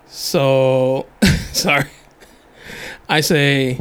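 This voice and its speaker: A man's voice: mid-range voice, little pitch movement, slow, long pauses, a bit bright, clear, resonant tone. A man co-hosting a podcast in casual chat, joking and laughing often, dropping in Spanish words. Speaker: podcast co-host.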